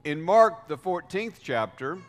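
A man preaching a sermon as pastor, deliberate, with swells of emphasis. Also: fairly high pitch, big pitch swings, faint music behind. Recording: reverberant hall sound.

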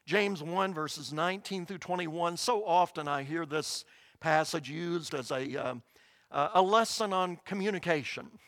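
A male preacher with a high, bright voice gives an earnest sermon, leaning hard on key words. The sound is close and dry, with no room echo. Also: measured pace. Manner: earnest, emphatic, voice rising on quoted lines.

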